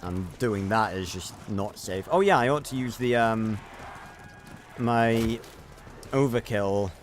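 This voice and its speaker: A man's voice: fairly low pitch, animated, normal speed, a little hiss or hum. A man streaming a video game, giving casual, rambling commentary, thinking aloud and swearing freely.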